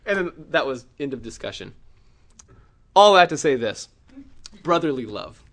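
A middle-aged man preaching a sermon, telling a personal story with acted-out cries and shouts. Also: medium pitch, big pitch swings, normal speed.

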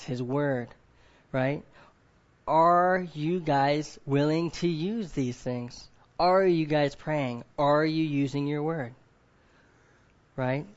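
A man's voice: fairly high pitch, dull audio. A man preaching a sermon to a group of men. He keeps asking them questions, often adds "right?", and acts out other people in quoted voices.

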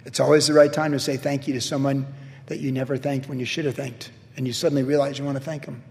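A man's voice: mid-range voice, flat delivery, quick pace, vocal fry, darkish tone, long reverb tail. A middle-aged man preaching a sermon as a pastor, telling a personal story in a casual, self-deprecating way.

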